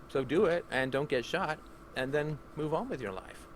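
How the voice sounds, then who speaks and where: A man's voice: a little high, animated, moderate pace, hardly any pauses, a little hiss or hum. A man hosting a Q&A podcast, talking in a sardonic, joking, digressive monologue. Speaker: podcast host answering listener questions.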